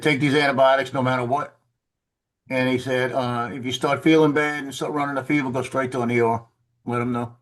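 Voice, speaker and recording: A man casually telling a story over a video call, rambling and repeating words, laughing at his own tale. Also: mid-range voice.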